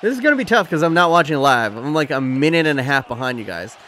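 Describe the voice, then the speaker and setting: A man's voice: a little high, big pitch swings, fast, a bit bright, a little hiss or hum. A young man streaming, talking casually and rambling to his chat, often swearing. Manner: rambling, chatty, profane, laughs at chat.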